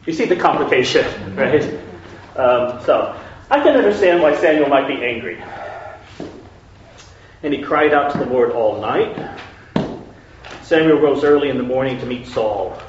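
A man's voice: mid-range voice, expressive, a little slow, pauses often, background noise. A man teaching a conversational Bible study lesson. He asks his listeners questions and often checks that they are following. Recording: echoey room, distant dull mic.

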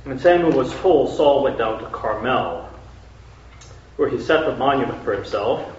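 A man's voice: medium pitch, animated, normal speed. A man teaching a conversational Bible study lesson. He asks his listeners questions and often checks that they are following. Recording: echoey room, distant dull mic.

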